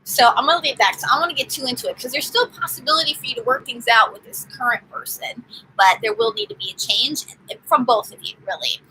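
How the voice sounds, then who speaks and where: A woman's voice: on the high side, fast, sharp tone, a little hiss or hum, rough recording. A woman giving a live-streamed tarot reading, chatting in an upbeat, casual way straight to her viewers. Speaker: tarot reader.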